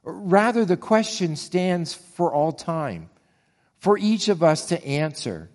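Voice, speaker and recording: A man's voice: sits high, big pitch swings, slow, darkish tone, big-room sound. A man preaching a sermon with earnest rhetorical questions and frequent small restarts. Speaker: pastor.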